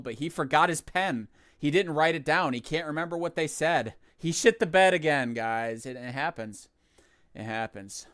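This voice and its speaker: A young man casually chatting while livestreaming a game, jokey and quick to poke fun at himself. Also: mid-range voice, a bit bright, clear, resonant tone, no echo, clean studio sound. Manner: self-mocking, jokey, chatty. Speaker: streamer.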